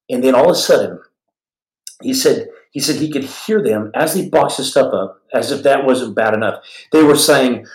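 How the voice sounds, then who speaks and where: A man with a drawl spins a story for his podcast listeners, dropping his voice for quoted speakers and breaking off to address his audience. His voice sits in an ordinary middle pitch. The recording carries a noticeable echo from the room. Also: moderate pace. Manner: dramatic, shifting voice for quoted people, frequent restarts and asides to listeners. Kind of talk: animated spoken storytelling.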